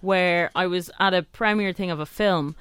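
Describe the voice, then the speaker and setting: A woman's voice: on the low side, normal speed, a bit bright, clear, resonant tone, dry recording. A woman co-hosting a radio show, chatting frankly. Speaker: radio co-host. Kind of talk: casual chat.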